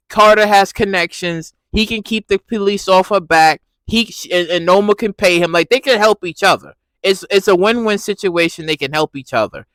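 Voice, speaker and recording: A man giving a casual, animated recap of a TV episode, laughing and repeating himself as he reacts. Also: sits high, no echo. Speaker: TV recap vlogger.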